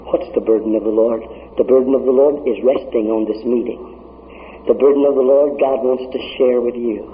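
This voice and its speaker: A man's voice: mid-range voice, steady tone, brisk, slight background noise. A man preaching an impassioned sermon in a large hall, repeating phrases in a rolling cadence and chuckling between lines. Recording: tinny lo-fi echoey hall recording.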